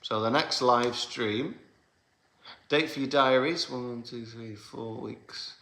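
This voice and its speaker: This British man takes it slowly, his mid-range voice fairly bright, as he hosts a fan livestream for his band. He chats and rambles with frequent fillers and laughs, and the recording has a roomy, echoey sound.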